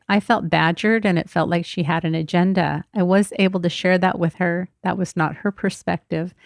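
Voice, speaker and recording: Low, gravelly-voiced woman podcaster. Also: no room sound, clean studio sound. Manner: candid, reflective storytelling. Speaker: podcast host. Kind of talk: personal podcast monologue.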